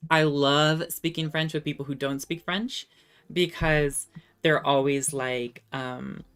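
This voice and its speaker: Young woman streaming, low voice, chatty n self-deprecating, bit of music behind. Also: fairly even intonation, takes it slowly, a bit bright, smooth. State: slightly under the weather. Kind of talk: casual chat with viewers.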